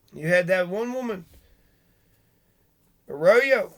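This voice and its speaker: A middle-aged man delivering an angry, profane vlog rant full of rhetorical questions. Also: high voice. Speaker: vlogger. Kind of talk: angry ranting monologue.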